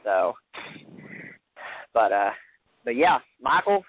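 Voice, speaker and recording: A man's voice: medium pitch, sing-song, slow, no room sound. A man co-hosts a talk radio show in a chatty, joking way. His mid-range voice sounds dry and narrow, as if it comes over a phone line. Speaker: radio co-host.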